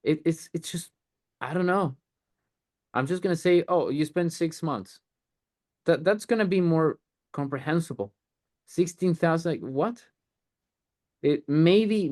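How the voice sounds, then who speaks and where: On a group sales call, a coach with a fairly high yet darkish voice talks bluntly and swears a lot, acting out mock sales pitches as he goes.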